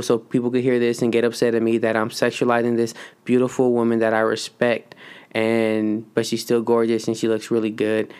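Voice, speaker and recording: A man's voice: medium pitch, clean tone. A man chatting loosely and profanely about movies in slangy, rambling talk. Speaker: solo vlogger. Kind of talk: casual movie chat.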